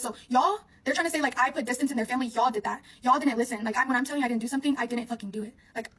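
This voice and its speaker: Fast-talking young woman telling a story. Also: on the high side, slightly rough. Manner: rambling, heavy use of "like", frequent swearing. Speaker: vlogger. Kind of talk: casual storytime monologue.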